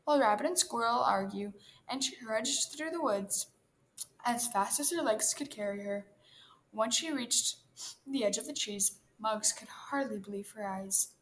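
Woman reading a children's story, slow, high-pitched, echoey room. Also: fairly bright tone, slight background noise.

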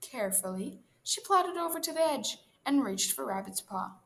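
A woman reading a children's story aloud in a gentle, expressive manner. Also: high voice, moderate pace, vocal fry.

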